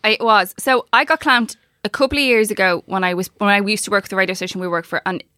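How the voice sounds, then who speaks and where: Bright-voiced woman telling a story. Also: medium pitch, fast talker, dry recording, studio quality. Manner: animated, swearing, talks in long run-on anecdotes. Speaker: podcast co-host. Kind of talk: casual storytelling chat.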